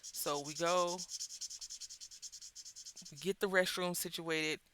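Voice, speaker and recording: A woman hosting a crafting video, telling a story in a chatty, animated way with wry asides while she works at her craft table. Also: fairly low pitch, slow, no room sound. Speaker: craft channel host.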